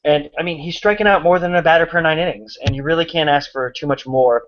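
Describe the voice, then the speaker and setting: A man's voice: on the high side, quick pace, a bit bright. Joking male co-host on a dull line. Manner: joking, filler-heavy. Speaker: podcast co-host. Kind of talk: casual sports chat.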